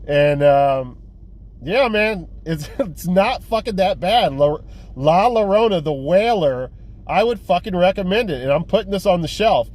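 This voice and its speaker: A young man with a somewhat high voice rambles casually about films he collects. He swears freely and keeps restarting his sentences with "uh" and "man." The tone is loose and unscripted, a vlogger talking off the cuff. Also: lively intonation, a little slow, darkish tone. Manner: profane, rambling, lots of fillers and restarts. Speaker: physical media collector vlogger. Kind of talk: casual rambling movie review.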